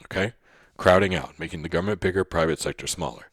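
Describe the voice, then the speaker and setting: A man teaching an economics lesson, who often checks in with "okay?" and "right?" and repeats key points slowly to stress them. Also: low voice, fairly bright tone, breathy edge, no echo, clean studio sound. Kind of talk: recorded lecture.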